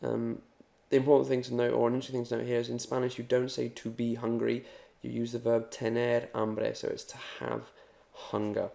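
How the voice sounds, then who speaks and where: A man gives a recorded Spanish lesson and talks straight to the learner. He speaks in an upbeat, encouraging way. His voice is low in tone, dark and very gravelly. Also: quick pace, hardly any pauses. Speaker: Spanish teacher.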